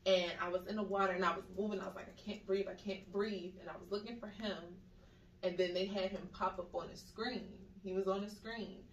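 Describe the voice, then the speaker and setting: A woman in casual chat, telling dream stories in a slangy, animated way and acting out the voices she quotes. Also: mid-range voice, brisk, highs cut off, a little hiss or hum. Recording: echoey room, mic at a distance.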